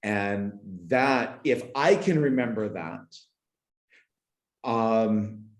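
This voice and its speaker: A man's voice: lowish voice, drawn-out words, reverberant. A man in his forties from Canada, a podcast guest talking reflectively and emotionally, often repeating words and restarting sentences, at times choked up. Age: 40s. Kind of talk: reflective conversational interview.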